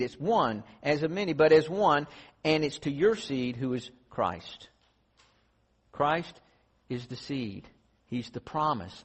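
A man preaching a sermon, emphatic, swinging from loud stress to hushed tones. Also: fairly high pitch, husky.

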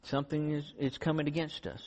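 A man's voice: fairly high pitch, little pitch movement, fast talker, a little mellow. A man preaching a sermon in an earnest, conversational storytelling way. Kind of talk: sermon with closing prayer. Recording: dull lo-fi sound in a reverberant hall.

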